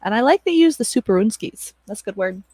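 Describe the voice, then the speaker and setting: A woman in her thirties hosts a casual livestream, talking loosely to her viewers at a middle pitch. She rambles, laughs often and swears offhandedly. Her voice sits close and dry, with no room sound. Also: lively intonation, fairly quick, a little mellow, slightly rough, dry recording. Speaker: livestream host and moderator.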